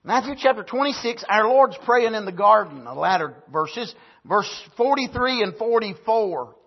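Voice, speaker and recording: A high-pitched male preacher with a husky, slightly breathy voice, delivering a sermon in swelling emphatic bursts and frequent amens. The recording is dull and lo-fi. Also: lively intonation, normal speed. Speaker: pastor.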